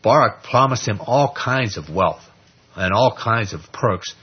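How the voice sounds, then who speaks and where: Husky man preaching an informal Bible study. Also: on the low side, a little slow, lo-fi sound. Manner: conversational and animated, with frequent "you know" and "okay?" asides. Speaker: lay Bible teacher.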